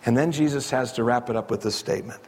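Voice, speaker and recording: A man's voice: medium pitch, fast talker, a little mellow, breathy edge, big-room sound. A man preaching a sermon as pastor, telling a parable in a casual, conversational storytelling way and acting out the quotes.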